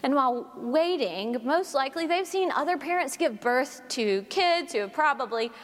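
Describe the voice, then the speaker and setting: A woman preacher delivers a sermon, reading scripture and spinning stories at a measured, expressive pace. Her voice sits fairly high, and a long reverb trails her words through the large hall.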